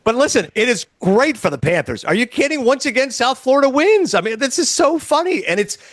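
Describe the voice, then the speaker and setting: A man's voice: extremely high pitch, fairly quick, dry recording. A man co-hosting a sports radio show in casual chat, telling stories and acting out conversations. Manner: animated storyteller acting out conversations.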